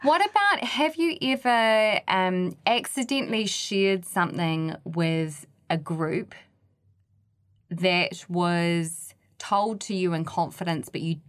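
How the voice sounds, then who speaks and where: A woman's voice: fairly low pitch, slow. A woman co-hosting a podcast, reading out examples and reacting with short exclamations. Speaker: podcast co-host. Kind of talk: casual chat.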